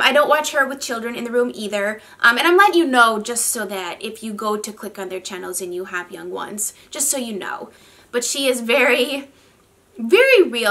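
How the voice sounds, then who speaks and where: A woman from the northern United States chatting casually as a beauty vlogger, rambly and quick to laugh. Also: on the high side, bright, forceful tone. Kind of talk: casual chat.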